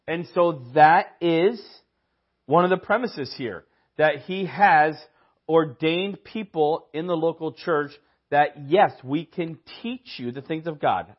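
Man, church teaching, conversational, slightly high voice, muffled lo-fi audio. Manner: conversational, tells personal stories, quick asides. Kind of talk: sermon-style church teaching. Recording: dull lo-fi audio.

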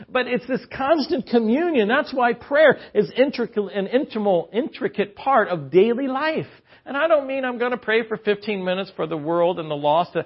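A man's voice: sits high, husky. A man preaching a conversational sermon as guest preacher, chatty and given to joking asides. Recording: muffled lo-fi sermon recording.

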